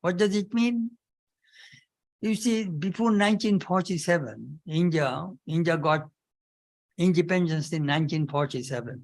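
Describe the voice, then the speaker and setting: A man's voice: fairly high pitch, normal speed. A man giving a spiritual talk as a swami, telling stories and repeating key words for emphasis.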